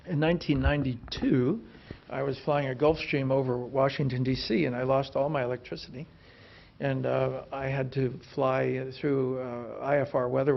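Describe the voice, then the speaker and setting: A man in his late 50s, a film actor appearing as an interview guest, tells stories onstage at a film institute before an audience. His voice is gravelly and mid-range, and his storytelling is relaxed, with frequent restarts and lots of "you know." The sound is lo-fi.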